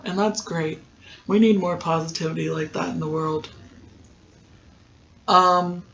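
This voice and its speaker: Podcast host, casual recap, chatty and rambling, lo-fi recording, faint background noise. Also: medium pitch. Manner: chatty, rambling, frequent ums and likes. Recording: dull lo-fi sound.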